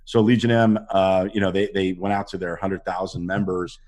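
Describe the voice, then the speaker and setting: Man, deep voice, middle-aged, actor guest, animated anecdotes, casual interview. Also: moderate pace. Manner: animated storytelling, acts out quotes.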